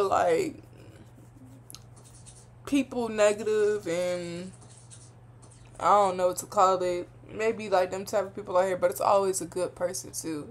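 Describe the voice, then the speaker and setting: A young woman hosting a reaction video, talking in a chatty, heartfelt, slang-filled way that rambles as she thinks aloud. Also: mid-range voice. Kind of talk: casual reaction commentary.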